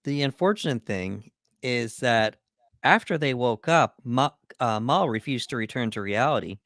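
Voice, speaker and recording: In a casual film breakdown, a podcast co-host recaps a movie's plot from his notes, using plenty of fillers. His mid-range voice has lively intonation, a normal speed, and a slightly bright quality. The recording is clean studio sound with no room sound.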